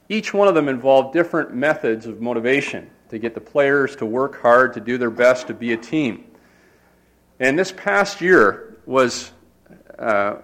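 A pastor preaches from the front of his church. His voice sits at an ordinary middle pitch for a man. He rambles in a relaxed, conversational way, stopping often on uh and restarting his phrases. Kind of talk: sermon. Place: church sanctuary.

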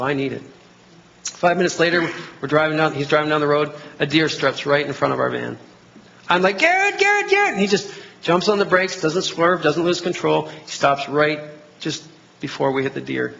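A middle-aged man preaching a sermon, animated and acting out bits of dialogue in different voices. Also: a little high, vocal fry, a little hiss or hum. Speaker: pastor. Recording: dull lo-fi recording.

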